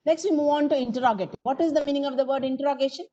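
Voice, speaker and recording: A woman's voice: sits high, very fast, warm tone, dull audio. A woman with an Indian English accent teaching grammar in an online coaching class, coaxing her students to answer her questions. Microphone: video call.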